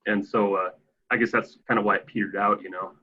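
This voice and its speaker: A laid-back man chats on a podcast, hesitating and restarting his sentences often. His voice is lowish and husky. The recording sounds dull and lo-fi. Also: steady tone, a little fast. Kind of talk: casual chat.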